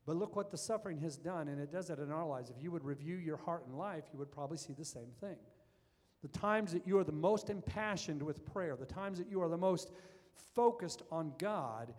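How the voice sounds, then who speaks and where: A man's voice: on the high side, expressive, brisk. A man preaching a sermon as pastor, earnest and building to fervent emphasis. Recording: long reverb of a large hall.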